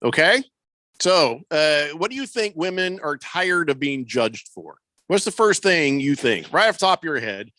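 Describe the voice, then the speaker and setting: Brash, bright-voiced radio host man. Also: fairly high pitch, very animated, normal speed, no echo. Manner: joking, mock-authoritative advice. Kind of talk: casual radio banter. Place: radio studio.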